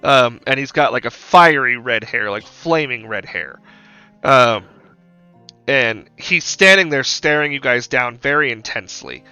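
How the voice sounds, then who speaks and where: A man's voice: mid-range voice, expressive, measured pace, bright, forceful tone, clear, resonant tone, no echo. A man running a tabletop game as game master, narrating casually and ramblingly with lots of fillers and swearing. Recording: dull lo-fi with faint music.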